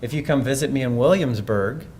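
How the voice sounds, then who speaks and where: A man's voice: mid-range voice, a little fast, darkish tone, slight background noise. A man giving a conference presentation in a conversational, thoughtful way, often restarting his sentences. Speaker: speaker.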